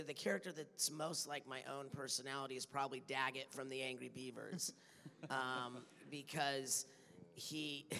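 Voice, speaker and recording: Bright-voiced man, playful, in an echoey hall. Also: on the high side, vocal fry. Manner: chatty and playful, laughs often. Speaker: voice actor on a convention panel. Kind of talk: casual panel answers. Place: large convention hall.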